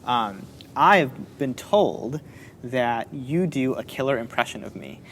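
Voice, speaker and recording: A man's voice: mid-range voice, lively intonation, unhurried, fairly bright tone, a little hiss or hum. A man hosting a casual chat with a guest, teasing her playfully. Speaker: host, youth pastor.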